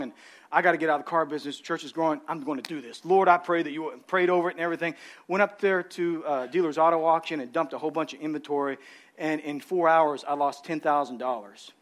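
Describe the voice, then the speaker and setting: A pastor preaching a sermon with passion, repeating words and moving between loud emphasis and quiet storytelling, with speech. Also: male voice, a little high.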